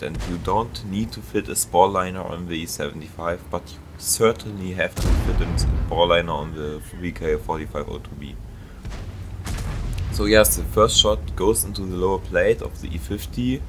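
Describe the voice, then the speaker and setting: A man's voice: deep voice, a bit bright, slight background noise. A man with a German accent commentating on a game replay, hesitant and searching for English words. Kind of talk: gameplay commentary.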